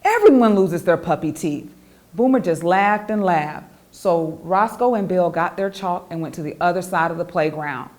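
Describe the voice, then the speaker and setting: A woman, the author, reading her children's picture book aloud in an expressive, animated storytelling voice. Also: fairly low pitch, moderate pace, few pauses.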